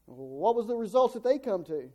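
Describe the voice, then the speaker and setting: Folksy preacher man with a high, dark voice. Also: very animated, moderate pace. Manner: folksy, repeats words and restarts, acts out quotes. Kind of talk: sermon.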